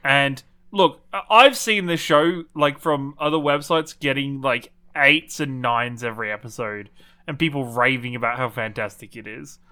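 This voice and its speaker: A man's voice: mid-range voice, moderate pace, bright, forceful tone, clear, resonant tone. A man co-hosting a casual podcast, ranting animatedly with incredulous questions and free swearing. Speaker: podcast co-host. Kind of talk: casual pop-culture chat.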